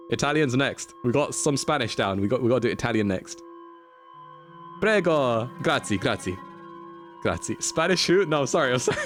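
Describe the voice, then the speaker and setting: Man livestreaming a game, casual chatty talk, laughs a lot, medium pitch, faint music behind. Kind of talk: casual game-stream chat.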